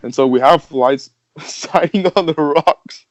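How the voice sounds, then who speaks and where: A man's voice: a little high, slow, no echo. A young man telling a story casually on a podcast, rambling with many fillers and laughing as he goes. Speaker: podcast host. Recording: dull, dry podcast audio.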